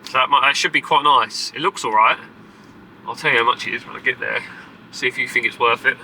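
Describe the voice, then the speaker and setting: Chatty guy doing a travel vlog, really bright sharp voice, bit of road noise behind. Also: medium pitch, a little fast, low-quality recording. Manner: chatty, excitable, talks to camera while driving. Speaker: travel vlogger. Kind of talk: casual travel vlog chat. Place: in a car and outdoors.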